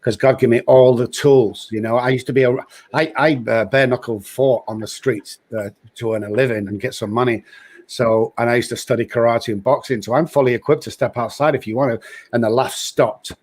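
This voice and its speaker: A man tells recovery stories in a lively, conversational way. He slips into the voices of the people he quotes and punctuates his lines with casual fillers. His voice sits at an ordinary middle pitch for a man. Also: a little fast. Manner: lively storyteller who acts out quoted voices. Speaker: host and recovery speaker.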